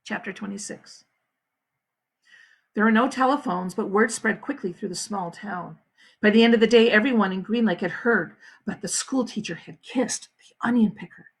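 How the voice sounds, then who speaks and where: A woman school principal reading a novel aloud to her students with expressive storytelling. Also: medium pitch, normal speed, breathy edge. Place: home, livestream.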